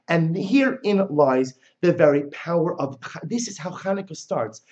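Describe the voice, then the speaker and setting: A male religious teacher giving a passionate lecture on religious texts, telling the story dramatically and moving between loud and soft. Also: fairly high pitch, lively intonation, unhurried, few pauses, muffled recording.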